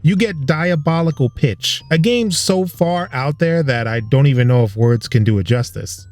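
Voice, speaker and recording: A man's voice: mid-range voice, darkish tone. Sarcastic man narrating game footage. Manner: sarcastic, joking. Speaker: video host. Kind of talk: comedic game commentary narration.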